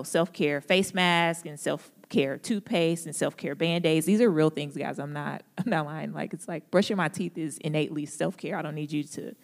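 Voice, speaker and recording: A young woman speaking at a church gathering, who opens with prayer and then gives a casual, relatable talk full of jokes and laughs. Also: low-pitched. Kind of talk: conversational devotional talk opened with prayer. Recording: echoey hall with long reverb.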